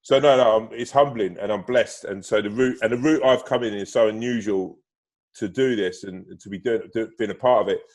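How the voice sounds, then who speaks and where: Low-voiced man, sweary chatter. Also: a little fast, darkish tone. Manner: swears freely, many fillers and restarts; bursts into laughter telling stories. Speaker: guest. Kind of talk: casual podcast chat. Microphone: remote call, drops out.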